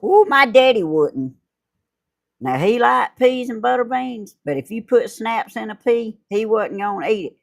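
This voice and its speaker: A woman's voice: on the high side, animated, moderate pace, vocal fry, few pauses. A middle-aged woman hosting a home video, chatting casually and laughing often. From Georgia. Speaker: YouTube host. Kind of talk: casual chat.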